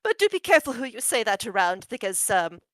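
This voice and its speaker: A woman voicing a shaken, rescued old village woman who is flustered and quick to cackle. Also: on the high side, big pitch swings, a bit bright, no room sound. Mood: cackling. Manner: flustered and teary, then bursts into cackling laughter.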